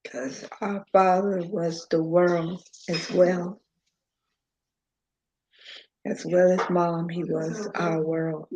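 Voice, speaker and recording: A woman hosting a podcast livestream with her sibling, talking slowly and emotionally about their late father. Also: lowish voice, flat delivery, dark tone, husky. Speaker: podcast host. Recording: dull lo-fi livestream audio with faint noise.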